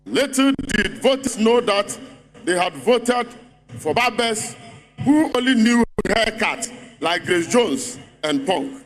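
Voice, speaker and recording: A Ghanaian man addressing a party congress with rousing, repetitive oratory and emphatic pauses. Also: high voice, expressive, fairly bright tone. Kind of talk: political rally speech. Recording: large hall with long reverb.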